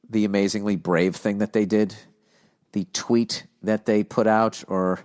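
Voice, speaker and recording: A man's voice: on the low side, a little mellow. A man hosting a podcast, ranting casually in a blunt, profane and sardonic way and rambling as he thinks aloud. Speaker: podcast host. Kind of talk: casual comedic rant.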